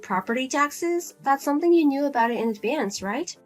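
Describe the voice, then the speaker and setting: A woman's voice: sits high, expressive, fairly quick, faint music behind, pitched below the performer's own voice. A woman voicing a single adult daughter who speaks bluntly and coldly to her mother. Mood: firm, exasperated. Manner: blunt, cold, lecturing.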